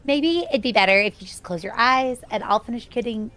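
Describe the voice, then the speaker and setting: A woman in a tabletop game speaks in character, flustered and hesitant. Her voice sits somewhat high. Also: fairly quick, a bit bright. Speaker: player.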